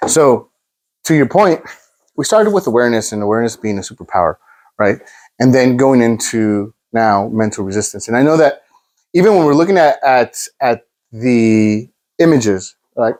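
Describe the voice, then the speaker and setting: A man's voice: mid-range voice, expressive, normal speed, darkish tone. A man hosting a self-help coaching talk, earnest, often restarting phrases and calling the audience "guys.". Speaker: host, coach.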